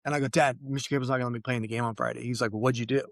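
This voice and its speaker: A man's voice: mid-range voice, level tone, racing, creaky, no room sound, studio quality. A man in his forties from California, a guest coach telling candid, self-deprecating stories in a podcast interview. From Fresno, California. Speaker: mental performance coach, guest.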